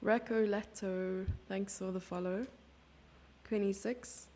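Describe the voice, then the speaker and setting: A woman's voice: medium pitch, steady tone, slow, mellow, a little hiss or hum. A woman streamer giving chatty live chess commentary, thinking aloud and sometimes dropping into a whisper.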